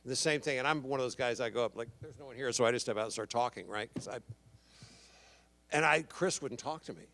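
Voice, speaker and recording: Gravelly sixties actor from Texas, loose panel storytelling, mimics others' voices in his anecdotes. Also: mid-range voice, fast talker, slight background noise. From Houston, Texas, USA. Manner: animated, acts out quoted voices, rambling restarts. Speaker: actor guest at a fan convention panel. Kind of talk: anecdotal storytelling to a live audience. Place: convention stage.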